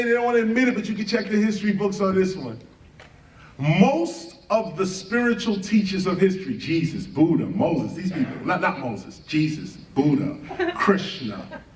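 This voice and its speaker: Animated man lecturing in a roomy space. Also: sits high, slight background noise. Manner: emphatic, rhetorical questions, spells out words letter by letter. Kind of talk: spoken lecture to an audience. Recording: roomy, distant mic, faint background ambience.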